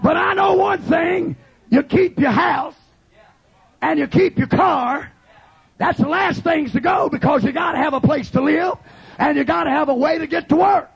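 A man preaching a fiery Pentecostal revival sermon, shouting and calling the congregation to respond. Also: extremely high pitch, normal speed, gravelly, lo-fi sound.

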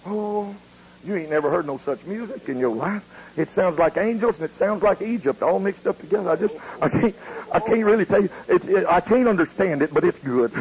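A preacher doing old Lot, a sweet-talker. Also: male voice, sits high, expressive, fairly quick, a little mellow, voice pushed up. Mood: coaxing. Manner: folksy drawl, wheedling and sweet-talking. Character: worldly old patriarch Lot coaxing his wife. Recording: muffled lo-fi tape with faint hiss.

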